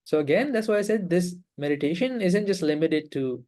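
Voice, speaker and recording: A man leading an online meditation class over a video call, explaining calmly with repeated phrases and rhetorical questions. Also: high-pitched, fairly quick. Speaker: meditation teacher.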